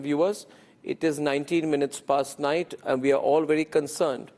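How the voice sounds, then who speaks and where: A man anchoring a heated TV debate, forceful and incredulous, cutting in on guests. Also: a little high, big-room sound.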